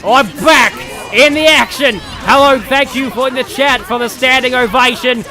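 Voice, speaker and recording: An Australian man commentating his gameplay livestream in a loud, over-the-top pitchman voice he keeps up as a bit. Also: steady tone, moderate pace, music in the background, a crowd in the background. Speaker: streamer.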